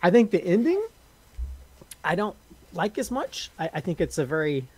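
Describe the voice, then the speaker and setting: A man casually reviewing a horror film on a podcast panel, speaking haltingly with many restarts and often laughing. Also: high-pitched, very animated, darkish tone, slightly rough.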